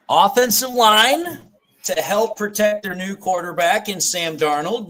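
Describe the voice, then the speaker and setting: A man's voice: high-pitched, a bit bright, rough recording. A man hosting a fan live stream, chatting casually about football and laughing as he retells movie scenes. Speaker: fan show host.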